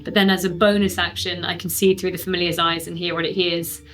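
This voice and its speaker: A woman's voice: on the low side, little pitch movement, fast talker, fairly bright tone, soft background music, poor audio. Chatty woman playing a tabletop game. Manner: chatty, giggly, explains rules. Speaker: player. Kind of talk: casual tabletop game chat.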